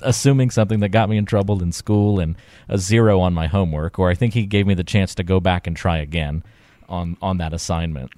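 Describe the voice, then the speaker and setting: Male co-host, lowish voice, dry close recording, relaxed anecdotal delivery. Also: dry recording. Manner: relaxed storytelling with fillers and laughs. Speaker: podcast co-host. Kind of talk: casual chat.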